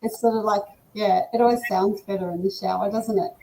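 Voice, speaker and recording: A woman's voice: medium pitch, fairly even intonation, fairly quick, vocal fry, dark tone, a little hiss or hum, poor audio. A woman hosting a casual group chat and asking members questions. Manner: friendly, asks members questions.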